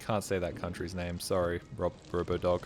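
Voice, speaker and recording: A man's voice: deep voice, completely flat delivery, moderate pace, soft background music. A man streaming while he plays a game, rambling casually and jokily, swearing often and getting defensive. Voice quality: profane, jokey, defensive.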